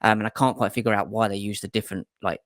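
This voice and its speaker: A man's voice: fairly low pitch, level tone, rapid-fire, a bit bright, no room sound, clean studio sound. A man co-hosting a podcast in casual, emphatic chat who swears freely. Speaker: podcast co-host.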